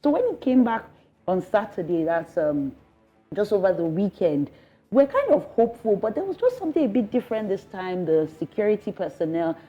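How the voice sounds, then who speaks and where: A woman's voice: mid-range voice, sing-song, husky. Earnest Nigerian woman recounting a loss. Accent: Nigerian English. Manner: earnest, pleading, halting with restarts. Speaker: interviewed resident. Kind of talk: emotional interview testimony. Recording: slightly dull broadcast audio with faint music.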